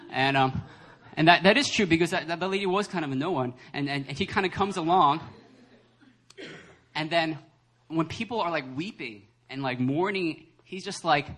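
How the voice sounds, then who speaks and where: A young adult man, a pastor, preaching a lively sermon that acts out voices and laughs often. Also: on the high side, normal speed. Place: church service hall.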